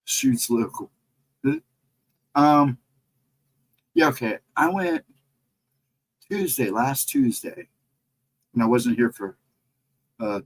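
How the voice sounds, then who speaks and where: A husky-voiced middle-aged man rambles through a personal ghost encounter on a casual livestream, stopping to greet viewers by name. His pitch swings widely as the story builds. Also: poor audio. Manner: rambling, chats with viewers between stories. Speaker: paranormal livestream co-host.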